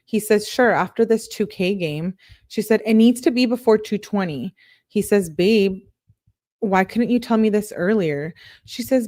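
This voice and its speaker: A woman true-crime YouTuber reads a string of text messages aloud at a brisk clip, lifting her voice a little for the quoted lines. Her pitch sits mid-range, and the recording is close and dry with no room sound. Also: mellow, no echo. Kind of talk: reading text messages aloud with casual commentary.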